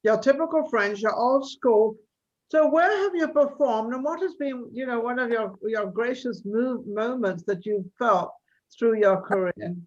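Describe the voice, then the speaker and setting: A woman hosting an interview talk show, effusive and complimentary, asking halting questions. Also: fairly high pitch, darkish tone, muffled recording.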